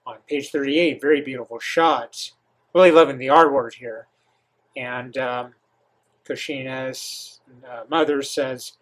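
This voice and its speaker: A man hosting a comic reaction, reading and commenting with many halting pauses and eager asides. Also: medium pitch, steady tone. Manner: halting, filler-heavy, enthusiastic asides.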